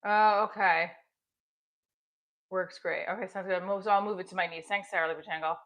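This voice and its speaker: A woman's voice: fairly low pitch, fairly even intonation, a little fast, fairly bright tone. A middle-aged woman hosting a casual livestream, chatting while she exercises, with small effortful grunts. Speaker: livestream host.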